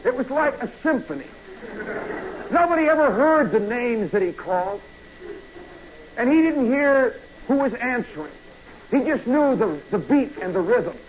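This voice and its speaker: A man hosting a radio show, telling a long story in a rambling, animated way, full of asides and "you know"s. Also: very high voice, a little slow, long pauses. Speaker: radio host. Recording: muffled old radio broadcast with faint hiss.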